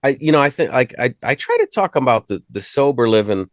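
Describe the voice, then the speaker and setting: A man's voice: mid-range voice, big pitch swings, a little fast, no room sound, studio quality. A man, a rapper guest on an interview, talking casually in a rambling, jokey way with lots of restarts. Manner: rambling, many restarts and fillers; laid-back, jokey. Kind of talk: casual conversation.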